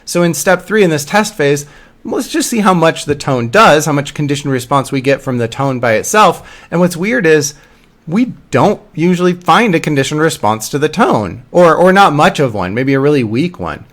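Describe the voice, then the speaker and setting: Man, lecturer, slightly high-pitched, explanatory, repeats himself, asks "right?". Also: expressive, moderate pace. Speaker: university lecturer. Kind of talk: recorded lecture.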